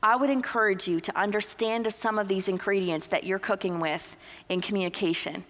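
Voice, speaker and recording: A woman speaking at a couples conference in a church hall, lively and acting out little quoted exchanges as she teaches. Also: mid-range voice, fairly quick. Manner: lively, uses acted-out quotes. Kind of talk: conference talk. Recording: long reverb of a large hall.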